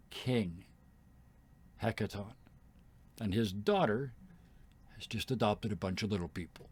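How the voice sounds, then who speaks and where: Man, game master narrating a tabletop game, low voice, drawn-out descriptive delivery.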